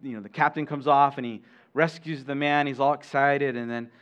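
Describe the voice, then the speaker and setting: A man's voice: medium pitch, fairly even intonation, brisk, clean tone, highs cut off. A man preaching a sermon as pastor, talking conversationally with asides to the congregation and frequent restarts.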